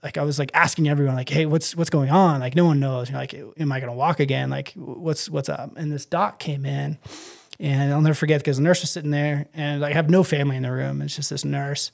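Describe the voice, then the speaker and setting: A man's voice: a little high, fairly even intonation, brisk, vocal fry. A man telling his own story in a casual interview, rambling with many fillers and acting out his own thoughts. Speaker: guest.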